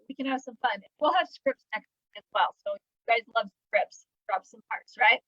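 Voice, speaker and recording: A high-voiced woman runs a live training for her jewelry sales team. She talks in an upbeat, chatty way and keeps asking rhetorical questions. The sound is dull and dry, like a close live-stream mic. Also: normal speed, dry recording. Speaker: jewelry business team leader.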